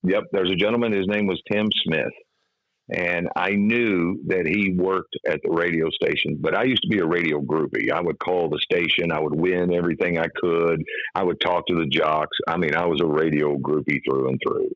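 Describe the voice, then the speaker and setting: A man's voice: low-pitched, fairly even intonation, moderate pace, no echo, muffled recording. A middle-aged man from Kentucky with a trained radio voice, telling stories casually in an interview. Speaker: guest, comic hypnotist and former radio DJ.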